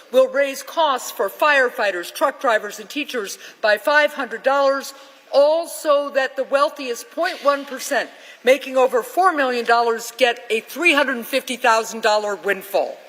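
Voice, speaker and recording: A woman senator giving a formal floor speech in a measured, urgent tone, recorded in a reverberant legislative chamber. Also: high voice, a bit bright.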